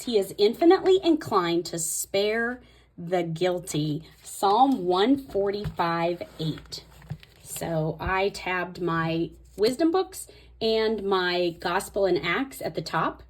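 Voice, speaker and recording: A woman hosting a casual craft tutorial, thinking aloud as she writes and softly repeating words to herself. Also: medium pitch. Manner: fast talker. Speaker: host.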